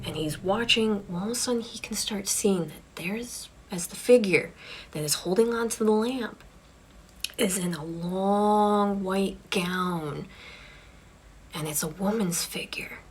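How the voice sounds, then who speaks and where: A woman telling a spooky campfire ghost story in a hushed, mostly whispered voice. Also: mid-range voice, normal speed, husky, low-quality recording.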